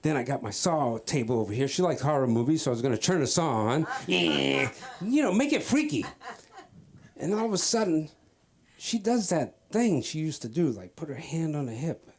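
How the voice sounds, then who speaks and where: A man's voice: fairly high pitch, big pitch swings, brisk, darkish tone. A man doing a stand-up comedy set at an open mic, telling a story and acting out the voices of the people in it. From Cape Verde. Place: comedy club stage.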